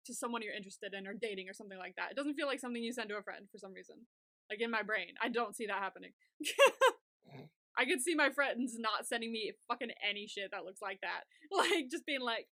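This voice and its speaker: A woman's voice: a little high, sharp tone, no room sound, studio quality. A woman co-hosting a podcast, chatting casually and gushing, swearing freely and laughing often. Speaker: podcast co-host. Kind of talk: casual recap chat.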